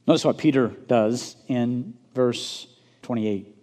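A man preaching a sermon, swinging from loud emphatic peaks down to soft low asides and asking the congregation rhetorical questions. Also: takes it slowly. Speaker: pastor. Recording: long reverb of a large hall.

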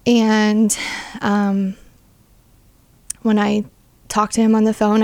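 A woman's voice: mid-range voice, monotone, takes it slowly, pauses often, a little mellow, dry recording. A young adult woman sharing a personal faith testimony as an interview guest, earnest and full of "like" fillers.

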